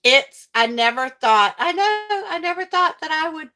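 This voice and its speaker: A middle-aged woman chatting casually with her livestream viewers while crafting. She is animated, laughs often and greets viewers by name. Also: high voice, moderate pace. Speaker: livestream host and teacher.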